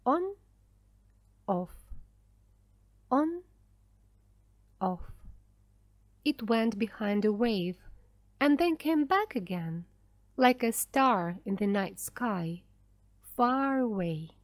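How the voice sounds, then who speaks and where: A woman narrating an easy-English storybook in a slow, careful, clearly spoken way. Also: fairly high pitch, expressive, no room sound. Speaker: audiobook narrator. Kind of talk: scripted narration of an easy graded reader.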